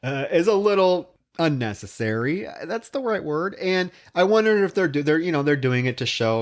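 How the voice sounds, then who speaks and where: A man's voice: fairly high pitch, sing-song. A man co-hosting a podcast, casually retelling film scenes. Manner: retells scenes with quick voiced quotes. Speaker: podcast co-host.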